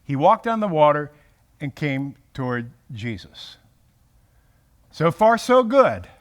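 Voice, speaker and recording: A man teaching a Bible study to a group in a room, animated and often breaking off his sentences to restart them. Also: fairly high pitch, takes it slowly. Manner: animated, self-interrupting, acts out quotes.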